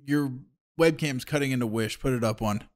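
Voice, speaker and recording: A man's voice: mid-range voice, fairly quick. A man co-hosting a podcast in casual banter, cracking dry jokes and slipping into mocking voices. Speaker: podcast co-host.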